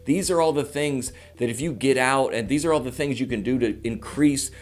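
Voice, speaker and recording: A man hosting his own show, talking through a casual comedic monologue with rambling jokes and quick self-mocking asides. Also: medium pitch, faint music behind. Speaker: stand-up comedian, show host.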